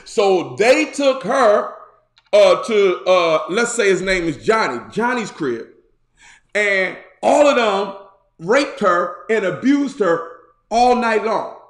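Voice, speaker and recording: A male pastor preaching a sermon, retelling a story in colloquial slang with lively asides. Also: high-pitched, slow. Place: church. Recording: roomy echo.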